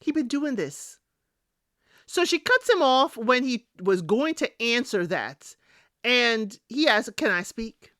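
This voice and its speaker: Woman, show recap host, lively up-and-down pitch, dry close sound. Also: a little slow, no room sound. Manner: animated, chatty, addresses listeners as y'all. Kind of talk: casual reality-show recap.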